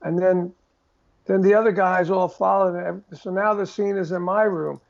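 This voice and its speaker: An older male musician, a guest telling stories in a casual interview over a video call, animated and acting out quoted voices. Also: sits high, moderate pace, gravelly. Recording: dull lo-fi call audio.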